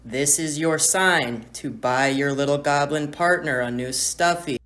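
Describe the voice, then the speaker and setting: A woman's voice: sits low, a little slow, fairly bright tone. A woman making a playful, teasing comedic short video.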